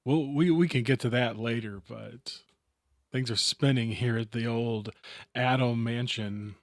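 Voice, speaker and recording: A man's voice: medium pitch, fairly even intonation, measured pace, dry recording, studio quality. Goofy man co-hosting a podcast. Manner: goofy, playful. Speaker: podcast co-host. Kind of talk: casual chat.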